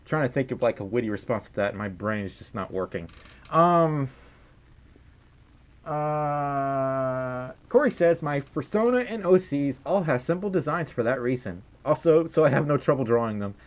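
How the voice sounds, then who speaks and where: A man's voice: medium pitch, unhurried. A tired man chatting casually on a livestream, reading out donations, rambling and giggling often.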